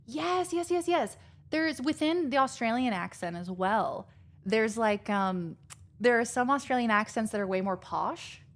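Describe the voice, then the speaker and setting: A woman's voice: on the high side, expressive, normal speed. A woman chatting casually while live-streaming a game, rambling and filling her talk with "like".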